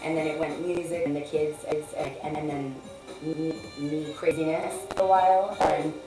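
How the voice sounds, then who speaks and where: A woman guest, a musician, chatting casually with a deep, throaty voice, rambling and restarting, swearing freely. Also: fairly even intonation, normal speed, reverberant, distant mic, over music, low-quality recording. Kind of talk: casual chat.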